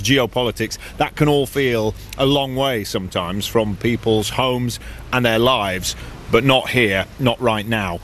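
Guy doing a field news report, steady serious delivery, faint noise behind. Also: medium pitch. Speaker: correspondent.

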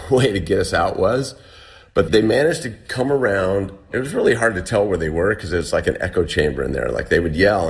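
A man casually recounting a story as an interview guest, chatty and full of restarts. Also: deep voice. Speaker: guest telling a survival story.

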